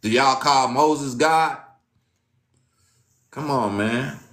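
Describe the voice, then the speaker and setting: A preacher gives an informal sermon, reading scripture aloud and talking in a casual, slangy way. He speaks very slowly with frequent pauses, swinging between loud exclamations and low muttering, and the sound is reverberant.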